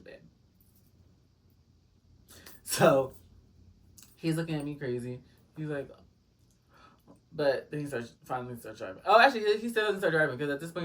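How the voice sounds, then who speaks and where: A man's voice: fairly high pitch, recorded from a distance. A man telling a storytime vlog, rambling with lots of fillers and dramatic asides to his viewers. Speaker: storytime vlogger. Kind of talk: casual storytime chat.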